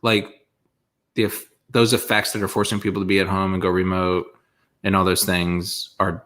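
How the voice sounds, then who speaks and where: A man's voice: sits low, level tone, normal speed, a bit bright. A man co-hosting a podcast, chatting casually and rambling with lots of fillers and laughs. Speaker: podcast co-host. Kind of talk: casual chat.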